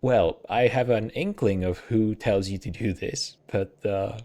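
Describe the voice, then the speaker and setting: A man's voice: fairly low pitch, unhurried, mellow. Chatty man commenting on a game. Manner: chatty, rambling, restarts and fillers. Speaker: let's play host. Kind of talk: casual gameplay commentary.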